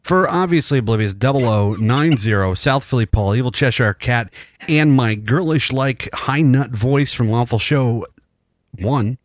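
A raspy man hosting a podcast, rambling and self-mocking as he signs off the episode with frequent laughs. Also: medium pitch, a little slow, no room sound, studio quality. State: raspy, rattling chest from illness. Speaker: podcast host. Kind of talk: casual podcast sign-off chat.

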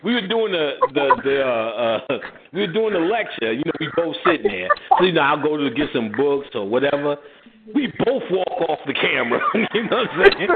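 A man's voice: a little high, moderate pace. A man hosting a radio show, telling a laughing, slangy story in casual chat and acting out the voices in it. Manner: animated, laughing, slangy, acts out quotes. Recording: tinny phone-like line with clear noise.

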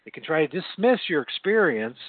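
A man's voice: a little high, very animated, a little fast, no echo. A man hosting his own podcast, chatting casually in a rambling way, repeating words and laughing easily. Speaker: podcast host. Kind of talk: casual late-night call-in chat. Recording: tinny phone-like sound.

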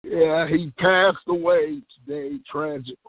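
A man's voice: high-pitched, big pitch swings, unhurried, gravelly, no echo. A man prank-calling a phone chat line, putting on an over-the-top grieving manner. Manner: theatrical fake grief, exaggerated swoops. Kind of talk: prank call, mock-mournful speech. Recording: phone-line audio, dry.

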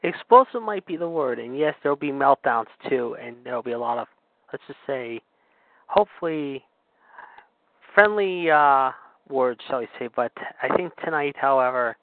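A man's voice: medium pitch, lively intonation, normal speed, no room sound. A man co-hosting a wrestling podcast, talking playfully and hedging as he searches for words. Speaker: wrestling news co-host. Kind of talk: casual podcast chat. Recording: dry, tinny phone-line audio.

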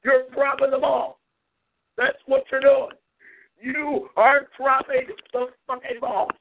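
A high-pitched man hosting a rough-edged talk show, taunting rivals with profanity. He speaks slowly and carries a gravelly fry. His voice comes through thin and tinny, as over a phone line. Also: little pitch movement. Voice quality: profane, taunting, repeats catchphrases.

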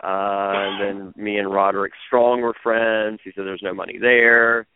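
A man with a low-set voice tells stories in a loose, animated way, jumping up in pitch whenever he acts out what others said. The sound is thin and phone-like, with a dry, close feel and no room around it. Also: a little slow, clear, resonant tone, dry recording. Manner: animated, laughing, acts out quotes in raised voices. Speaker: interview guest, former wrestling manager. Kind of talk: casual storytelling in an interview. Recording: tinny phone-like line, dry.

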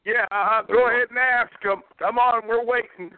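A man making a prank call, goading the other caller with drawn-out taunts. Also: very high voice, steady tone, dry recording. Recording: tinny phone line, dry.

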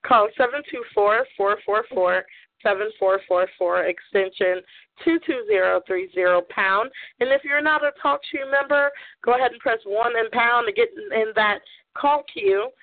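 A woman's voice: fairly high pitch, normal speed. Bubbly Southern woman radio host on phone. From American South. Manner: bubbly, laughs often, chatty. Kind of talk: casual call-in radio chat. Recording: tinny phone line.

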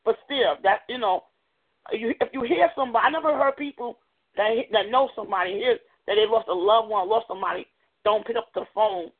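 Woman, earnest, halting testimony sermon, tinny lo-fi recording. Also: on the high side. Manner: earnest, halting, with frequent restarts. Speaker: guest speaker. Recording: tinny phone-like audio.

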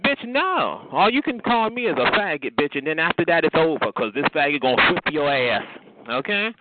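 A man's voice: sing-song, moderate pace, very noisy. Man ranting angrily over a tinny phone line. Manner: profane, taunting, repeats "okay?"; pitch jumps up sharply when yelling. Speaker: chat line caller. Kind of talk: heated phone rant.

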